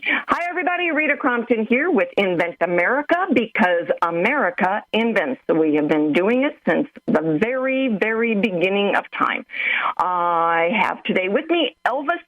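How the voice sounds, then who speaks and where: A woman's voice: mid-range voice, big pitch swings, normal speed, fairly bright tone, dry recording, lo-fi sound. A woman co-hosting a radio interview show, upbeat and chatty as she introduces and questions her guests. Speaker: radio co-host.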